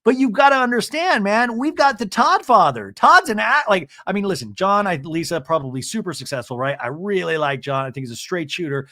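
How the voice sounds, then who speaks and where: A man's voice: sits high, sing-song, brisk, hardly any pauses, pushed and bright, dry recording, clean studio sound. A man hosting a comedic TV recap podcast, rambling and sarcastic. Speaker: podcast host.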